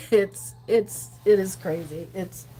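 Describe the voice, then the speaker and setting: A woman talking to her viewers on a casual livestream. She is chatty and animated, laughing often. Her voice swings from lively bursts down to low mutters and whispers. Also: breathy edge. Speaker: gambling livestreamer. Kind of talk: casual livestream chat, answering viewer comments.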